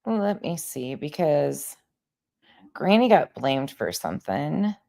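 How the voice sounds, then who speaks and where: A woman's voice: low voice, big pitch swings, slow, gravelly, mellow. A woman hosting a livestream commentary, frustrated and searching for words. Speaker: commentary host.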